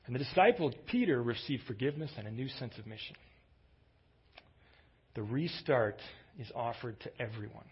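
A man in the middle of a sermon, telling the story in an easy, conversational way and lifting his voice for emphasis. His voice has a husky edge, and the recording sounds dull and lo-fi. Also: medium pitch, animated, moderate pace, long pauses. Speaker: pastor.

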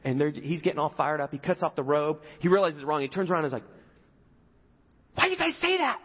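A man's voice: a little high, fairly even intonation, racing, breathy edge. A man preaching a sermon in a conversational way, often putting questions to his listeners. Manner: conversational, asks the audience questions. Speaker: pastor. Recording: echoey hall, dull lo-fi.

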